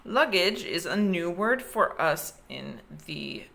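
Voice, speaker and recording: A woman's voice: lowish voice, very animated, takes it slowly, creaky, a bit bright. A young woman teacher reading a picture book aloud to children, stopping to explain new words.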